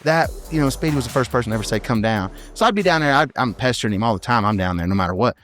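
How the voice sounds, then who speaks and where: Talking very fast at medium pitch, a team roper in his thirties tells stories during a casual podcast interview. He's animated and keeps tacking on "you know what I mean."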